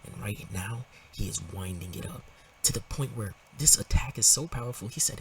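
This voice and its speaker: A man with a low voice gives a slangy, profane breakdown of a comic. He gets animated and then drops into whispers at the big moments. He sits back from the mic, and faint noise hangs under his voice. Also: moderate pace, recorded from a distance, poor audio. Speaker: manga commentator. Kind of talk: casual in-depth comic analysis.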